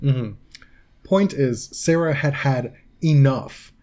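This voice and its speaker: A man with a mellow, warm voice co-hosting a casual podcast. He talks easily with his co-host and slips into a deadpan, theatrical style for a dramatic reading. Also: mid-range voice, slow.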